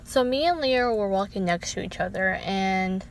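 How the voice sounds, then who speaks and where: Casual storytime girl, talks fast n animated, cusses a lot, voice jumps way up for quotes. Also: a little hiss or hum. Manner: animated, swears freely, many "like" fillers; dramatic pitch jumps when quoting people. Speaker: vlogger.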